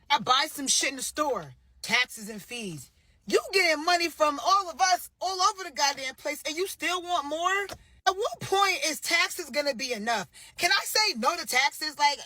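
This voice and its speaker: A woman's voice: high voice, lively intonation, moderate pace, bright, forceful tone. A woman ranting angrily and profanely in a clip. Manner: angry, profane, sarcastic. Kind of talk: reaction clip rant.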